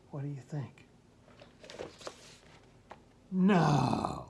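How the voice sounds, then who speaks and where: Woman, unhurried storybook reader for a small child, playful sound mimicry, faint hiss behind. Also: on the low side, lively intonation. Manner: playful, mimics sounds and asks the listener questions. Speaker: reader reading a picture book to a child. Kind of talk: reading a children's book aloud.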